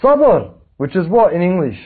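A man, teaching a religious class with lively rhetorical questions to his students. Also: high-pitched, moderate pace, husky. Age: 40s. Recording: tinny lo-fi lecture recording.

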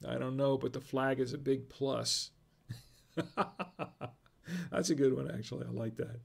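A man's voice: medium pitch, little pitch movement, measured pace, creaky, breathy edge. A man hosting a casual livestream, reading viewer jokes, chuckling at them and trailing off mid-sentence.

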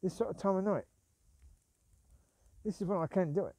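A high-pitched, warm-toned male voice moves at a moderate pace in a dry recording. It belongs to a vlogger walking his dogs outdoors at night, whose rambling talk is full of grumbles and repetition.

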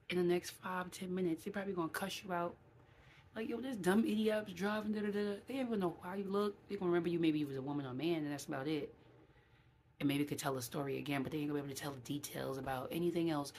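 Lowish-voiced New woman vlogging. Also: fast, slight background noise. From New York City. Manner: animated, acts out quoted voices, many fillers. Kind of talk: casual talk to camera.

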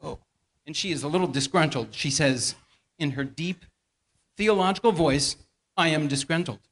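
Speaking at a normal pace with a fairly high pitch, the elder playfully runs volunteers through a skit before the congregation in a church hall. Feeding them lines as he goes, he turns it into a Bible lesson.

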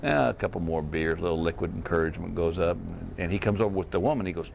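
Background noise fills a hotel room where a middle-aged comedian from Texas is being casually interviewed. He talks quickly in a low, gravelly voice with few pauses, laughing through his own stories in an animated way.

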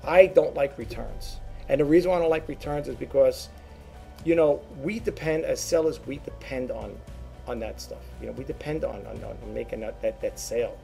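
A man's voice: medium pitch, normal speed, vocal fry, dark tone, soft background music. A man who resells online, chatting casually to his viewers, rambling and repeating words as he goes. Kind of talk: casual talk to camera.

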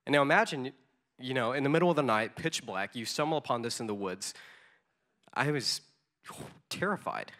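A man delivering a sermon as a personal story, his voice bright and forward. He speaks in a relaxed, conversational way, stumbling over repeated words and filling pauses with ums. His pitch sits in an ordinary middle range for a man. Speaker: conference speaker.

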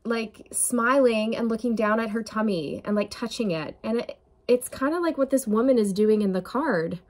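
A woman's voice: a little high, normal speed, darkish tone. A woman giving an intuitive tarot reading to camera, talking in an earnest, emotional way with many fillers. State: tearful at times. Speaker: tarot reader.

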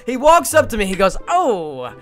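A young man streaming, telling a story to his chat in a casual, animated way, swearing and using lots of fillers. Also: high voice, normal speed, soft background music. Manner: animated, swearing, frequent fillers, breaks into laughter.

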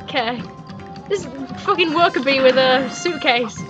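A young woman commentating a video game as she plays, excitable and swearing, with loud outbursts. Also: high-pitched, measured pace, highs cut off, music in the background. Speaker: gaming streamer. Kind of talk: let's play commentary. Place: home room.

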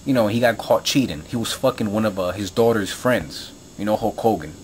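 A man's voice: on the low side, animated, brisk, a little mellow, a little hiss or hum. Man ranting angrily, swearing freely. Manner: heated, swearing, rambling with many fillers. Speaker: video blogger. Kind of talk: angry profane rant to camera.

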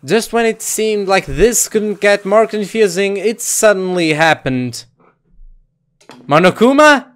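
A man's voice: high voice, measured pace, hardly any pauses. A man playing a video game and commenting on it, reading the game's text aloud and swinging between cheering and cursing. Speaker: let's play gamer. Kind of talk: let's play commentary.

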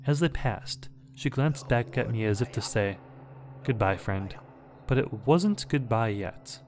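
A man reading a scary story aloud in a measured, dramatic way. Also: medium pitch, expressive, a little mellow, a little hiss or hum. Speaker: horror story narrator. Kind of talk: scripted horror story narration.

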